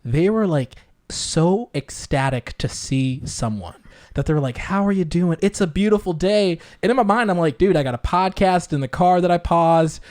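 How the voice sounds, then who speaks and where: A man's voice: high-pitched, normal speed, a little mellow. Laid-back male podcast host. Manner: laid-back, easily amused, says dude. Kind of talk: casual chat. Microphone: video call.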